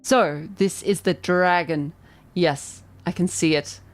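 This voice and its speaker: A woman streaming a game live, chatting excitably and reading the game's narration aloud. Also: lowish voice, slow pace, faint music behind. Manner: excitable, chatty, self-deprecating. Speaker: vtuber streamer.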